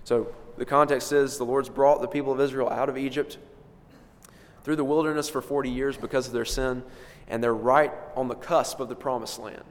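A man preaching an expository sermon with emphatic delivery, rising for stress and dropping low for quiet points. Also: fairly even intonation, normal speed. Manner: emphatic, swells and drops in loudness for stress. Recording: long reverb of a large hall.

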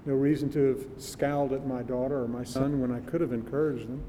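A man's voice: fairly even intonation, brisk, warm tone. An older man preaching a sermon in a conversational, musing way, sometimes laughing. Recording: reverberant hall with faint rumble.

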